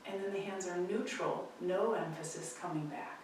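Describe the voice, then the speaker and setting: A woman leading a tai chi practice, cueing movements calmly and gently with pauses between steps. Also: on the low side, distant mic, slight background noise. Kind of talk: guided movement instruction. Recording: echoey room, voice from off-mic.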